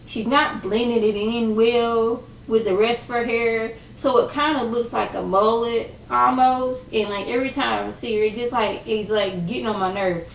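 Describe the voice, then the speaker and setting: A young woman casually recapping a reality show episode, chatty and gossipy, acting out quoted lines in a lower voice. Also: steady tone, moderate pace, vocal fry, hardly any pauses, a little hiss or hum. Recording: echoey room, mic at a distance.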